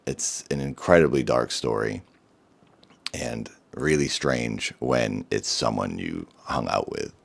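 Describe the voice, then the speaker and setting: Very deep-voiced earnest male vlogger. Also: takes it slowly, vocal fry. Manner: earnest, somber, rambling with many restarts. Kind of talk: personal talk to camera.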